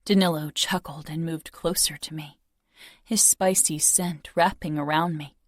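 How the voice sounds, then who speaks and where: A young woman narrating a romance audiobook in first person, soft, intimate and measured. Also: low-pitched, fairly even intonation, no echo, studio quality.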